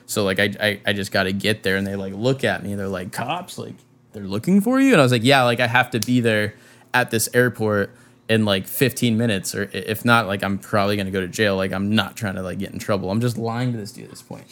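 A young man, a touring musician, telling a story in casual chat, animated and full of slang and swearing, acting out what people said. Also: lowish voice, quick pace. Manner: animated, heavy slang and swearing, acts out quotes.

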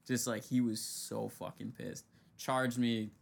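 A man's voice: medium pitch, level tone, slow pace, vocal fry. A young man hosting a casual chat, telling slangy, profane stories and acting out the people in them. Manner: slangy and profane, storytelling with acted quotes. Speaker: podcast host.

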